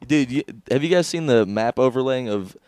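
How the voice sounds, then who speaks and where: A man riffs on jokes in loose podcast banter, his pitch moving widely as he talks. His voice sits at a middle pitch and is recorded close and dry, with no room echo. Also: lively intonation, normal speed, darkish tone, clean tone. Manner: joking, laughs often, riffs on bits. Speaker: podcast co-host. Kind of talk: casual chat. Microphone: studio microphone.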